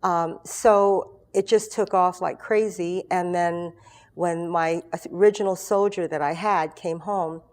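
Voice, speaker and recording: Slow and fairly even in intonation, a sixty-something woman's lowish, slightly mellow voice carries her story as a guest on an interview. She is the founder of a support group for soldiers and rambles chattily, often restarting and filling pauses.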